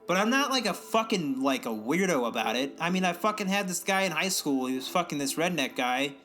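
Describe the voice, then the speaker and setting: A man's voice: fairly high pitch, very animated, a little fast, pushed and bright, soft background music. A young man co-hosting a podcast, ranting casually with lots of swearing and mocking impressions of other people. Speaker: podcast co-host. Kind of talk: casual profane rant.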